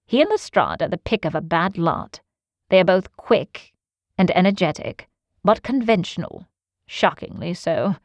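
A woman's voice: on the low side, sing-song, a little slow, no room sound, heavily acted. A woman voicing Sherlock Holmes, an aloof Victorian detective, in a cool, offhand, lecturing manner.

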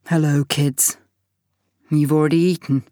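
A woman puts on a cold, stubborn husband in an audiobook, his flat, curt voice pitched low and dry. He sounds unbothered and brushes things off. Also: moderate pace, no echo, close to an everyday voice.

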